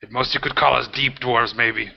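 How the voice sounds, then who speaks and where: A man voicing a hostile, sneering male deep dwarf leader who spits contempt at strangers. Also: steady tone, normal speed, gravelly. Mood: scornful. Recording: dull lo-fi home recording.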